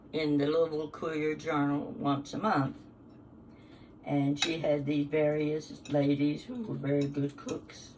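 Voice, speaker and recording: An older woman talks slowly and easily through a recipe in her home kitchen, chatty and homespun. Her voice sits a bit back from the microphone, with faint clinks of dishes and utensils around her. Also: sits low, far from the mic, background noise. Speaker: cooking show host. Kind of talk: casual cooking demonstration. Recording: kitchen sounds, voice somewhat off-mic.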